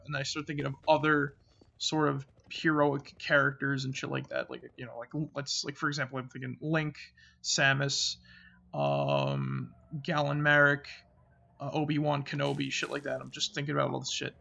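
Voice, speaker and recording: A man casually telling a story of a frightening night, rambling and halting with many restarts, dropping to a murmur when he voices his own fearful thoughts. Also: medium pitch, vocal fry, bright, forceful tone, highs cut off. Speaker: channel host.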